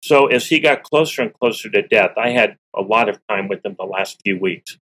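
Man, middle-aged, lowish voice, interview guest, personal storytelling, earnest, frequent throat-clearing. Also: fairly quick, fairly bright tone, rough recording. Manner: clears his throat often; earnest, candid, with restarts and repeats.

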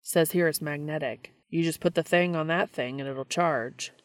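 A woman's voice: low-pitched, normal speed, dry recording, close to an everyday voice. A woman reading aloud, voicing a plainspoken man who talks in a casual, wisecracking way.

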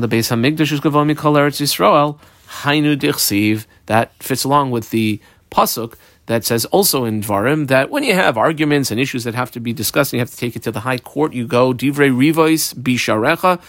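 A man's voice: medium pitch, a bit bright, no room sound, clean studio sound. A man teaching a Talmud page in a casual, explaining way, translating Hebrew and Aramaic terms into plain English as he goes.

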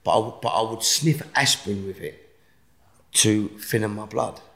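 A middle-aged man with an Essex accent, a guest telling an emotional personal story, animated one moment and hushed the next. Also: fairly low pitch, moderate pace, gravelly, roomy sound. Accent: Essex English. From England. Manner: animated, rising to shouts in retold quotes, dropping to hushed tones.

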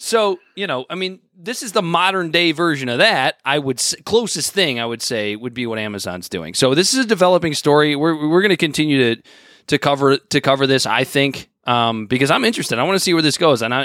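A man co-hosting a podcast in casual chat, halting and repeating words as he talks. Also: a little high, lively intonation, fairly bright tone, no echo, clean studio sound. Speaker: podcast co-host.

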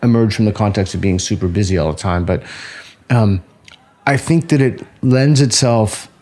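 A man in a played clip, explaining his view in an earnest, measured way. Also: lowish voice, darkish tone, soft background music.

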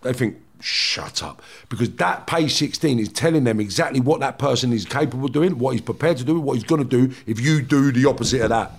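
A man with a rough, gravelly voice tells blunt, profane prison stories in casual chat. He acts out the voices of the people in them. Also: mid-range voice, fast talker, few pauses. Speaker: former prisoner guest.

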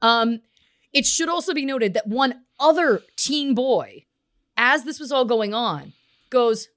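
A young adult woman co-hosting a casual chat podcast, with a fairly high voice that swoops up and down as she retells a story. She acts out the people in her story with lively quoted voices and laughs often. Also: slow. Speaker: podcast co-host. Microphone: remote call.

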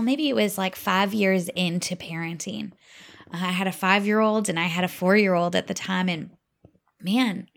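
A woman in her thirties talking earnestly and conversationally to other mothers about faith and parenting, often checking in with her listeners. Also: medium pitch. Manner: earnest, conversational, with tag questions. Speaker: Christian mom speaker. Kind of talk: faith-based talk to mothers.

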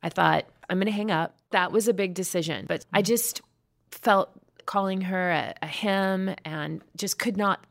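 A woman's voice: mid-range voice, a little slow, vocal fry. A middle-aged woman, an interview guest, earnestly retelling a personal ordeal and acting out the voices she heard. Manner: earnest, vivid, acts out quoted voices.

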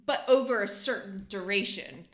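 A woman's voice: medium pitch, moderate pace. A woman co-hosting a sports podcast, chatting casually and laughing easily, often trailing off and restarting. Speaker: podcast co-host. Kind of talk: casual chat. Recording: echoey room.

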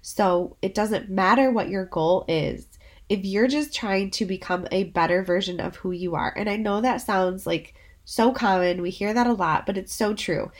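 A woman's voice: mid-range voice, moderate pace. Woman podcaster with a sick voice, upbeat and encouraging, just chatting. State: sick, voice under the weather. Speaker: podcast host. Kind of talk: solo podcast talk.

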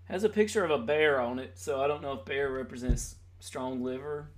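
A man's voice: medium pitch, fairly quick, a loud crowd. A man hosting a podcast in casual chat, joking and rambling as he teases his co-hosts. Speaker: podcast host.

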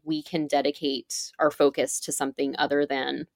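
A woman's voice: sits low, fairly even intonation, unhurried, creaky, a little mellow, no room sound, clean studio sound. A woman on a podcast, explaining emergency preparedness step by step in an upbeat, chatty way. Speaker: podcast guest, preparedness expert. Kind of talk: casual podcast conversation.

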